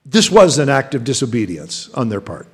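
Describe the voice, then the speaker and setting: A man's voice: mid-range voice, very animated, normal speed, slightly rough. A man, a pastor, preaching a sermon in a conversational way, often repeating words and restarting as he talks straight to his congregation. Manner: addresses the congregation directly.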